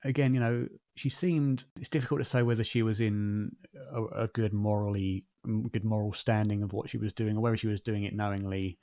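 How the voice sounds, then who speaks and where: Podcast host guy, lowish voice, talks things through slowly, restarts a lot, dry sound. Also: steady tone, warm tone, no room sound. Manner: thinks aloud, reasons slowly with restarts. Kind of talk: casual conversation.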